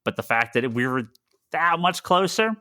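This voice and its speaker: A man co-hosting a casual podcast chat, rambling and restarting his sentences with excitement. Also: on the high side, normal speed, dry recording, clean studio sound. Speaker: podcast co-host.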